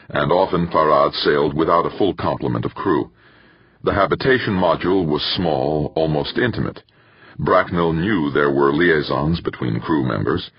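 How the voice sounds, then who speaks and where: A man with a very deep, husky voice reads a science-fiction novel in a measured, even way. The recording is dull and dry, with no room sound. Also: no echo. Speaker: audiobook narrator. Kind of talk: scripted narration.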